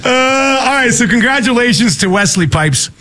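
A man hosting a radio show, running a quick quiz and joking around with laughter in an upbeat, teasing manner. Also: very high-pitched, animated, pushed and bright, a little hiss or hum. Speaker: radio host. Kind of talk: casual radio chat and quiz.

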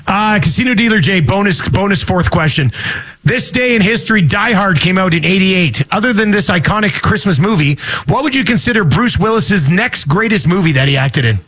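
A man hosts a morning radio show in loose, joking banter. His voice swings lively through a wide range and sits a little high for a man. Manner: animated, joking, quick asides.

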